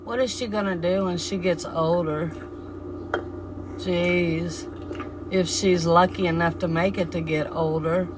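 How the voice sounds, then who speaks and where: Slow-talking woman co-host. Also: lowish voice, fairly even intonation, background noise. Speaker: livestream co-host. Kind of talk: casual livestream chat.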